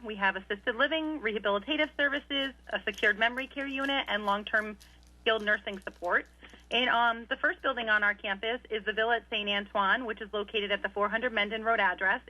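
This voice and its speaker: A woman on a radio call giving a sponsor pitch, with steady, listing delivery. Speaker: sponsor representative. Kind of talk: casual radio talk, reading a sponsor pitch. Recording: muffled phone line.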